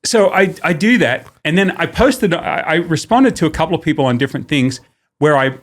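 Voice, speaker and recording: A man's voice: on the high side, expressive, brisk, fairly bright tone. A man talking casually as a returning podcast guest, joking and working through examples with shifting emphasis. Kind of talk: casual chat.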